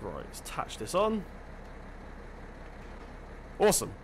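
This let's-play host speaks slowly in a fairly high voice whose pitch swoops wildly. His commentary is casual, chatty, and self-deprecating as he reasons through the game aloud, over some background noise.

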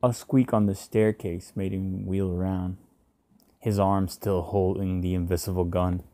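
A man narrating a short story in a measured, subdued way. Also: deep voice, level tone, warm tone, no echo. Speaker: reader.

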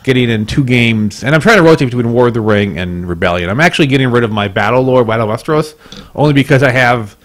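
A man's voice: mid-range voice, expressive, fast. A man co-hosting a casual podcast, laughing often and restarting his words. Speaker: podcast co-host.

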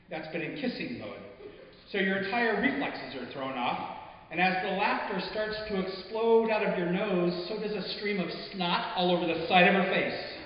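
A man reads his short fiction to a live audience, his voice sitting a little high for a man. He tells it in a measured, intimate way and often lets it fall soft. The sound rings with a long echo through a big hall and comes across dull and muffled. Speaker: author reading his own stories. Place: arts venue stage, before an audience.

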